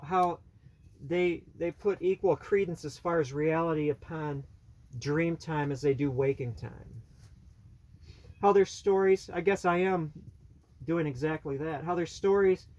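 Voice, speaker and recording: A man hosting his own story time, talking in a loose, rambling way with restarts and slowed-down emphasis. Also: a little high, darkish tone. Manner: rambling, stops and restarts words, slows to stress points. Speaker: storyteller and channel host. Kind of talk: casual spoken storytelling.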